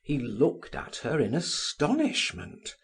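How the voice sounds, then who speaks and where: An audiobook narrator reading a classic novel aloud in a slow, expressive way. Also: husky. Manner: slow, expressive reading with wide pitch swings.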